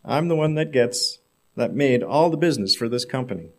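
A man's voice: medium pitch, expressive, a little fast, lightly acted. A man voicing a resentful male sales director who grumbles about his boss. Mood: grumbling. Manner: muttering, grumbling.

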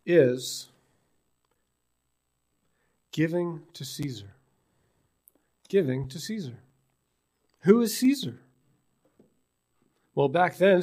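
Originally from British Columbia, Canada, this pastor delivers a sermon in a Newfoundland church with a conversational style, asking the congregation rhetorical questions. He has a slightly high, darkish-toned voice.

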